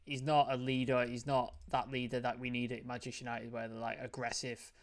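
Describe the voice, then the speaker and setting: Man, football chat host, monotone, filler-heavy, middle pitch. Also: brisk. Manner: loose and chatty, many fillers, reads chat messages. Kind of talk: casual football review chat.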